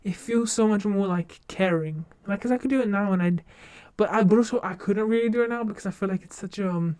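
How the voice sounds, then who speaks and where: Mellow-voiced young woman rambling on stream. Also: medium pitch, fast, hardly any pauses, clean tone. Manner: rambling, gushing, many fillers and restarts. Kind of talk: casual chat.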